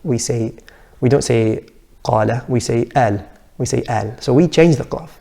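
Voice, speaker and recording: Gravelly-voiced man teaching pronunciation. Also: medium pitch, dark tone. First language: Arabic. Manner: patient, demonstrates sounds by repeating syllables slowly. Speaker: Tajweed teacher. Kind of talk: recorded lesson.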